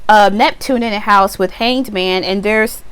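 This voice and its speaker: A woman giving a casual tarot reading to camera outdoors, chatty and animated, now and then acting out the viewer's voice. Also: mid-range voice, unhurried, clear, resonant tone. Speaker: tarot reader. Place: outdoors on a windy day. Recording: wind noise, slightly distant mic.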